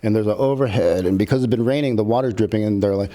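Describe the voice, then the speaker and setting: A middle-aged man, a filmmaker guest on a podcast, telling stories casually in an animated, profane way and acting out quotes. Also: lowish voice, fast talker. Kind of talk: casual storytelling.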